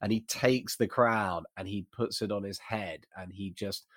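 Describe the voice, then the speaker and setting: A man's voice: lowish voice, fairly even intonation, measured pace, fairly bright tone, dry recording, clean studio sound. A man co-hosting a casual discussion, talking eagerly in bursts with frequent restarts. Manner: enthusiastic, talks in bursts with restarts. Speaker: podcast co-host.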